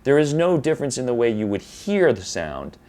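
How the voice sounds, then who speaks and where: A man's voice: medium pitch, very animated, fairly quick, darkish tone. A man teaching guitar, explaining rhythm patiently, counting beats aloud and now and then correcting himself. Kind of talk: guitar tutorial. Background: electric guitar playing.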